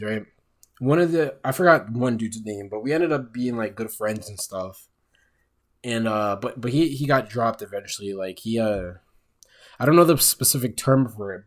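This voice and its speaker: A young man telling a casual, profane story straight to his audience on his own microphone at home late at night. He keeps it low and relaxed and keeps checking in with "all right?". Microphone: own microphone, speaking quietly late at night.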